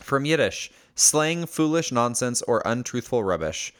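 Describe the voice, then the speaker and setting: A man's voice: medium pitch, expressive, unhurried, a bit bright. A man co-hosting a casual podcast, reading out journal entries and teasing his friend with dry jokes. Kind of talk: casual chat.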